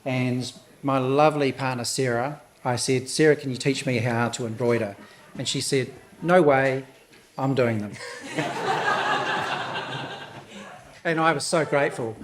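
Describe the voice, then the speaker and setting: A man speaks at a gallery opening, nervous and halting, often restarting his sentences and laughing softly. His voice sounds a little hoarse and thick with emotion. His pitch sits in an ordinary middle range for a man. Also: fairly even intonation, a little hiss or hum. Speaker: exhibiting artist.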